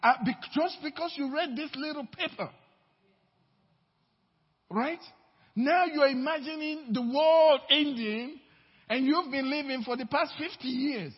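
A male pastor preaching a sermon, emphatic, swinging between loud declarations and low asides, in a dull, reverberant church hall recording. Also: unhurried, long pauses. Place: church sanctuary.

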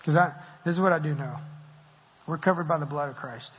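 A man's voice: fairly high pitch, brisk, husky. A man giving a conversational, self-deprecating sermon in a church, laughing often as he talks. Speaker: preacher. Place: church sanctuary. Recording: muffled audio with long hall reverb.

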